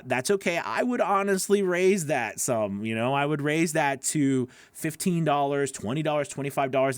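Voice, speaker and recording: A man's voice: mid-range voice, no room sound. A man coaching voice-over freelancers, critiquing their gig pages live in a casual, encouraging way, repeating himself with many fillers, from home.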